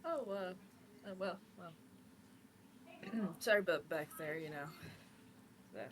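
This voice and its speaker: A woman's voice: on the low side, lively intonation, unhurried, fairly bright tone, a little hiss or hum. A woman voicing a bumbling tinkerer who keeps stammering flustered apologies in a tabletop game. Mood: awkward.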